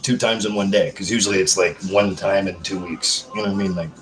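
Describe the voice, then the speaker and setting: A man's voice: low-pitched, fairly even intonation, quick pace, music in the background. Crude, joking man chatting on a live stream. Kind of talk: casual live-stream chat. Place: home.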